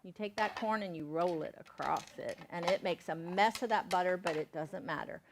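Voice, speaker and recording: A woman's voice: lowish voice, normal speed, background noise. A middle-aged woman from Georgia with a Southern accent, chatting folksily while demonstrating recipes in a cooking class. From Savannah, Georgia, USA. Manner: chatty, folksy, checks in with "okay?".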